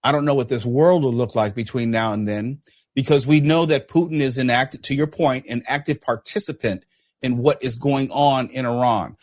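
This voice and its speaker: A man hosting a talk radio show, interviewing a guest with measured, probing questions. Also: medium pitch.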